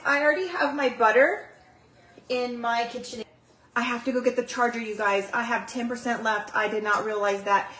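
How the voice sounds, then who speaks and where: A woman's voice: on the high side, a bit bright, roomy sound, distant mic, low-quality recording. A woman from Southern California chatting casually through a live baking demo in her home kitchen, filling her talk with ums and greeting viewers by name. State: out of breath after running stairs. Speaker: channel host baking live.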